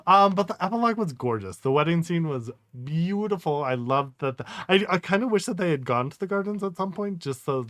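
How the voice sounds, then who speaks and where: A man's voice: a little high, lively intonation, fairly quick, few pauses, no echo. Guy cohost chatting about a book, lots of ums, dry sound. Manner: hesitant, many fillers, soft laughs. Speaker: podcast co-host. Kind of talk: casual book-club chat.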